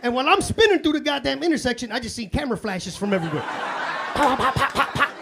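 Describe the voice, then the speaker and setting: A man in his thirties works a comedy club stage through a handheld mic, his voice sitting very high and leaping all over the place. He tells profane, excitable stories, and a loud crowd laughs around him over steady room noise. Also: quick pace, creaky. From Chicago. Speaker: stand-up comedian. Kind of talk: live stand-up comedy. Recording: live club with audience laughter.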